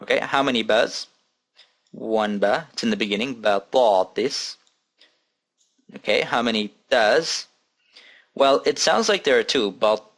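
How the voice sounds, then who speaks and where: A man teaching an Arabic lesson, repeating each word slowly and patiently and counting its letters aloud. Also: mid-range voice, animated, a bit bright. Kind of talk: recorded language lesson.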